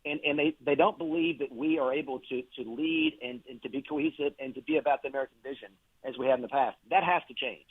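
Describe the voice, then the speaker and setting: A man's voice: mid-range voice, lively intonation, fast talker, hardly any pauses, husky, dry recording. A man, a political candidate, talking earnestly in a phone interview with frequent word repeats. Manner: earnest, stumbles with repeated words. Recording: tinny phone line.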